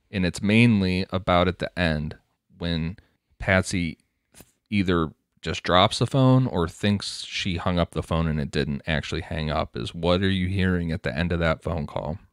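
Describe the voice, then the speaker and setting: A man's voice: low voice, a bit bright, clean tone, no room sound, studio quality. A man co-hosting a casual podcast, reading quotes and notes from his research aloud between chat. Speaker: podcast co-host.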